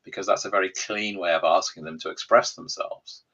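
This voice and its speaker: A man, an executive coach and podcast guest, explaining things in a measured way with frequent ums. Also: sits low, steady tone, pushed and bright, highs cut off. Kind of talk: casual conversational interview.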